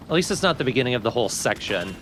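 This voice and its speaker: A man's voice: mid-range voice, sing-song, racing, a bit bright, slight background noise. A man co-hosting a let's play, trading laid-back, joking banter about the game. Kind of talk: casual gameplay commentary.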